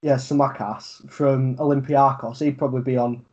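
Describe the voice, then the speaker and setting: A man's voice: medium pitch, level tone, moderate pace, mellow, slightly rough, muffled recording. A man with a Yorkshire accent co-hosting a casual football podcast, rambling with lots of fillers and free swearing. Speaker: podcast co-host.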